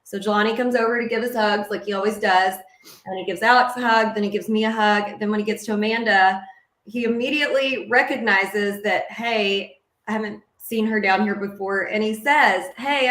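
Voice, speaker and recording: A young woman in casual podcast chat, telling a story earnestly and explaining from a player's view. Her middle-pitched voice rings in an echoey room. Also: steady tone, normal speed, fairly bright tone. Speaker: podcast co-host, former player.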